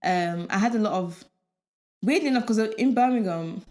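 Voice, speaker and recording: A young woman in her twenties with a British accent, co-hosting a casual chat podcast and telling stories in a rambling, animated way with many restarts. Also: mid-range voice, moderate pace. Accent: British English. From Nigeria. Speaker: podcast co-host.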